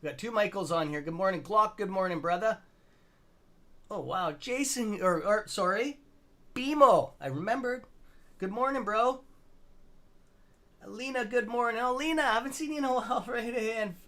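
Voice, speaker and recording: A man's voice: sits high, normal speed, pauses often, pushed and bright. A middle-aged Canadian man hosting a stock trading livestream, rambling loosely and greeting viewers by name in a friendly, casual way.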